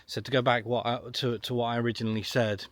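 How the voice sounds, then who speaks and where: A man's voice: mid-range voice, level tone, dry recording. Emphatic ranting man, dry close sound. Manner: emphatic, repetitive, ranting with long pauses. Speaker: online political commentator. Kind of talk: solo monologue to camera.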